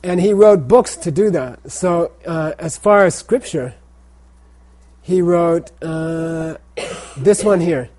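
A man's voice: fairly high pitch, takes it slowly, a little mellow. A middle-aged man lecturing a class on Tibetan pronunciation and texts, who keeps checking in with the students. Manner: repeats phrases and checks in with "okay?". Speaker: teacher of Tibetan language and Buddhist texts.

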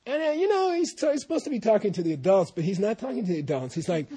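A man's voice: sits high, very animated, very fast, dark tone, breathy edge. A man, a translator, telling meandering stories to a group in a casual way, with many asides. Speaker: translator telling stories about his teacher. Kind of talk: casual anecdotal talk to a group.

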